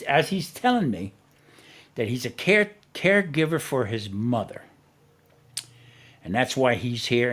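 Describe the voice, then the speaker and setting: An older man hosting a casual chat show, telling a long neighbor story and acting out the bits where he shouted. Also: medium pitch. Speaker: podcast host.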